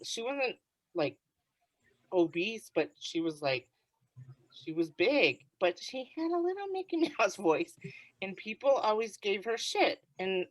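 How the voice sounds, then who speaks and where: A woman co-hosting a podcast in loose, casual conversation, leaning on "like" as she talks. Her voice is very lively and swings widely in pitch. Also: no room sound. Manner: animated, chatty, heavy use of "like". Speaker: podcast co-host. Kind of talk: casual chat.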